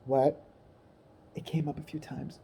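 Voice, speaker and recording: This comedic commentator has a deep, gravelly, mellow, husky voice, a level tone, and a measured pace. Her profane rant crudely mocks people, whom she acts out in their own voices.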